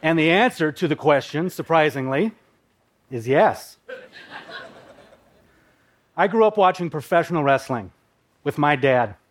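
Storyteller: man from Minnesota, a bit high-pitched, dramatic and wry in his personal story. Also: lively intonation, measured pace, pauses often. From Minnesota, USA. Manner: vivid, dramatic, with playful asides.

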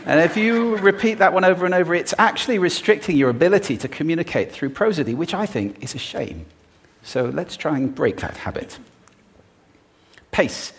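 A man giving a talk on stage to an audience, expressive and playful, demonstrating different ways of using the voice. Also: on the high side, moderate pace, long pauses. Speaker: public speaker.

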